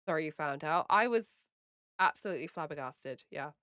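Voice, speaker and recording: A woman's voice: deep voice, animated, fairly quick, fairly bright tone, no echo, studio quality. A woman in her late twenties with an English accent, chatting casually with her stream viewers, laughing often and swearing freely. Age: late 20s. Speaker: livestreamer.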